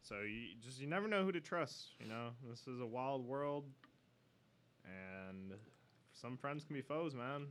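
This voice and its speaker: A man's voice: medium pitch, animated, unhurried, fairly bright tone. A man co-hosting a casual podcast, reading a news story aloud with profane, sardonic asides. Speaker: podcast co-host.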